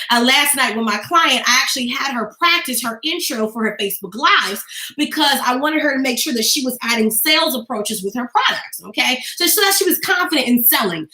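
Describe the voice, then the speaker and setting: High bright lady hyping up her business coaching to camera, talks a lot, echoey room. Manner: energetic, talkative, emphatic with repeated okays. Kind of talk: motivational talk to camera.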